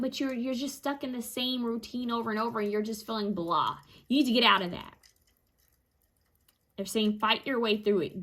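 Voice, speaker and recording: A woman giving a casual, encouraging tarot reading to her viewers, energetic and fond of repeating herself. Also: medium pitch. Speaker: tarot reader. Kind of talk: casual intuitive card reading.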